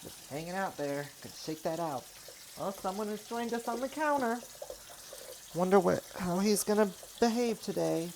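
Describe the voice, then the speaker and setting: A woman's voice: mid-range voice, lively intonation, normal speed, a little mellow, slight background noise, low-quality recording. A woman in her twenties chatting casually to camera while doing kitchen chores, rambling with lots of "like" and "you know.". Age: 20s. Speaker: vlogger. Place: home kitchen. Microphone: own microphone near the sink.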